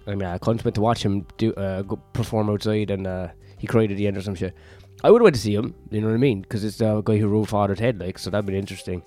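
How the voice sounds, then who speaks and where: A man's voice: fairly low pitch, fast, hardly any pauses, dark tone, soft background music. A man vlogging in a rambling, profane monologue, ranting with lots of fillers and sounding sweaty and worn out.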